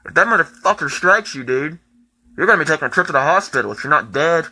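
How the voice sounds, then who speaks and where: Bright-voiced young man ranting profanely. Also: fairly high pitch, sing-song, fairly quick, husky, low-quality recording. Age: 20s. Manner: profane, heated, rising to shouting. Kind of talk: angry personal rant.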